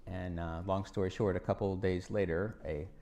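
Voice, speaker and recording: A man's voice: sits low, steady tone, normal speed, dark tone. A man, a former politician, telling folksy anecdotes on stage and giving advice to students. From United States. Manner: folksy anecdotal storytelling with acted quotes. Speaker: guest speaker, former congressman. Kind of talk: storytelling talk on stage. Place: university event hall.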